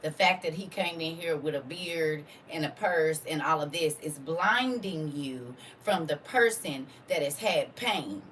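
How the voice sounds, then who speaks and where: A woman's voice: deep voice, animated, measured pace, hardly any pauses, a bit bright, recorded from a distance, slight background noise. A woman preaching to a congregation in a fervent, informal way, full of rhetorical questions and casual vernacular.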